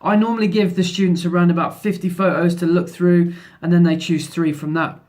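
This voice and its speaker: A man in his thirties with a fairly high voice chats to camera in a relaxed vlog. He sounds upbeat and a little rambling, often restarting his sentences, and he talks about his photography work while he is out and about. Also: a little fast. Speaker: photographer vlogger. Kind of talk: casual vlog talk to camera. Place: outdoors by the sea, then in town.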